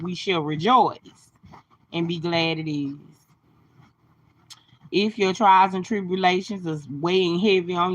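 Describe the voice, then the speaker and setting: A woman's voice: fairly low pitch, highs cut off. A woman hosting a casual phone live stream, greeting viewers by name and giving encouraging, sermon-like talk. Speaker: livestream host.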